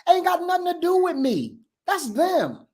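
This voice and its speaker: A man's voice: very high-pitched, wildly swooping pitch, normal speed, darkish tone. A man hosting a heated debate, insistent and emphatic, repeating his points and talking over the other speaker. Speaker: show host.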